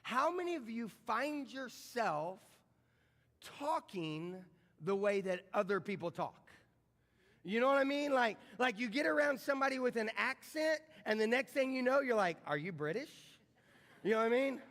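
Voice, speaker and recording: High-voiced pastor in a reverberant hall. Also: male voice, expressive, normal speed, a bit bright. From American Midwest. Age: middle-aged. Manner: conversational, repeats words, asks the crowd questions. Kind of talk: sermon. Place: large church sanctuary. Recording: church livestream with long hall reverb.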